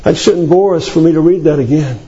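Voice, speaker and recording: A male preacher delivering a sermon, emphatic and climbing into high declamation. His voice sits high but sounds mellow and warm. The recording is dull and lo-fi. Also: brisk. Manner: emphatic, rising to high declamation on scripture lists.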